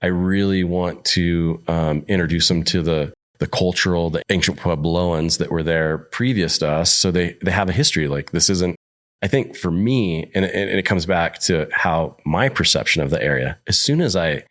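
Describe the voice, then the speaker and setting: Podcast guest, man, 50s, from Montana: deep voice, rambling travel anecdotes, casual. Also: normal speed. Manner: rambling, animated when quoting others. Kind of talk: casual storytelling.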